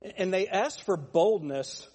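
A man preaching a sermon as pastor, emphatic and pointed, asking the congregation rhetorical questions and building to shouts. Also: high-pitched, animated, takes it slowly, slightly rough.

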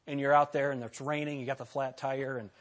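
A man preaching a sermon as pastor, repeating key phrases, asking the congregation questions, and swinging between loud declarations and hushed asides. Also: medium pitch, flat delivery, a little fast.

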